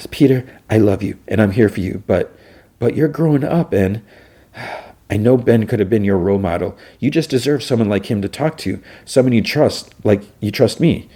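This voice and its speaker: A man's voice: on the low side, moderate pace, dark tone, breathy edge, pitched above the performer's own voice. A man voicing a middle-aged aunt who scolds and comforts her nephew in a raised voice. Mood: caring. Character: caring aunt, middle-aged woman, firm and warm.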